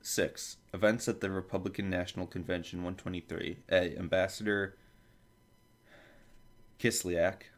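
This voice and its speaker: Deep-voiced man reading a list. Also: flat delivery, normal speed, long pauses. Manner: stumbles over foreign names and jokes aside. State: dry throat, coughing. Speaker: podcast host. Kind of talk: reading a table of contents aloud.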